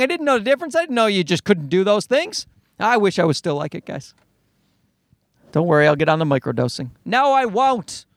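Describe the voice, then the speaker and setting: A comedian from Newfoundland with a Newfoundland accent, rambling through a profane, self-mocking solo podcast monologue. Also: male voice, sits high, fairly bright tone, no room sound, clean studio sound.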